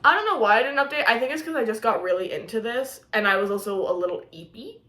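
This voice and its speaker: A young woman, chatting excitedly on a casual reading vlog and gushing about a book between bursts of giggles. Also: on the high side, fast talker, reverberant. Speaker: book vlogger.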